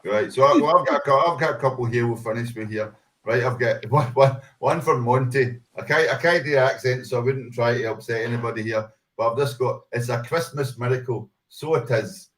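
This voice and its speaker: A man's voice: medium pitch, a little fast, fairly bright tone, rough recording. A Scottish man co-hosting a football podcast in loose, casual chat. He reads out joke letters, tripping over his words and repeating them, with easy laughter breaking in. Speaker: podcast co-host.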